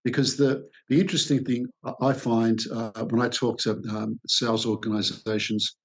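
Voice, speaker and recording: An Australian man in his sixties, a sales expert answering interview questions in a thoughtful way, pausing often with "uh". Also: mid-range voice, flat delivery. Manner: thoughtful, hesitant with many "uh" fillers.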